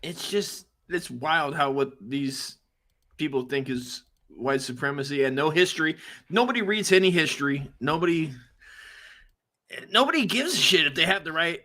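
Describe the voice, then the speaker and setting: Goofy, joking man with a bright voice. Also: a little high, animated, moderate pace. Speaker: podcast co-host. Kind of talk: crude comedic banter.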